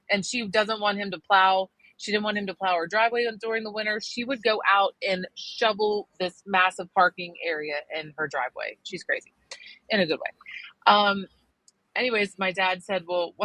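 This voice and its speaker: Bright-voiced chatty woman, dry sound. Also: mid-range voice, no room sound, low-quality recording. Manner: chatty storyteller, laughs often. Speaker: podcast co-host. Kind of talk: casual chat.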